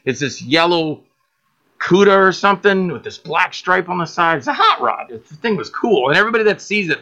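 A man guest on a podcast telling stories about his filmmaking, animated and acting out other people's voices. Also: high-pitched, a little fast. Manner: animated, acts out quoted voices, laughs often. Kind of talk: casual storytelling interview.

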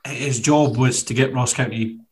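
A man's voice: medium pitch, fairly even intonation, normal speed. A Scottish man hosting, asking loose questions with many fillers. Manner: hesitant, filler-heavy questions. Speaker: podcast host. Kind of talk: casual interview.

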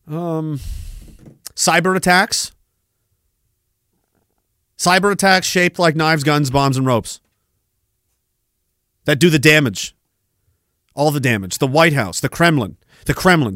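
A podcast host reads viewer messages and rants about them sarcastically, swearing heavily and laughing a lot. His voice is fairly high with a fairly bright tone, and the recording is dry and studio quality.

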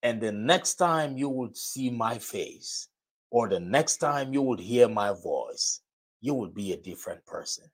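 A man hosts a live broadcast in a motivational tone, taking his time over every phrase. His voice sits at a middle pitch, and he repeats key lines so they land. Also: lively intonation. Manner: slow, deliberate and repetitive, stresses key phrases. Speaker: host of a live broadcast and podcast. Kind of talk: motivational talk to a live audience.

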